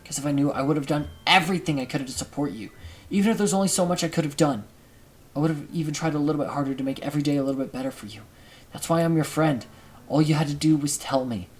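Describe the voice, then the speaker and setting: A man's voice: fairly high pitch, quick pace, voice pushed up, lightly acted. A man reading aloud the lines of a caring teenage boy, the protagonist of a visual novel, in an earnest, pleading way. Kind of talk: reading game dialogue aloud.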